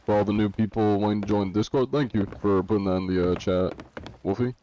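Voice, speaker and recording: A man's voice: fairly low pitch, steady tone, fairly quick, mellow, highs cut off, a little hiss or hum. A man streaming a pirate game live, reading viewer comments aloud and answering them in a joking, laid-back way. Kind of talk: casual live-stream chat while gaming.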